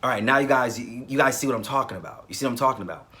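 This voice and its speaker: A man with a mid-range voice hosts a casual review of soap operas. He speaks in an animated, emphatic way and often repeats himself to drive his points home. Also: mid-range voice, very fast.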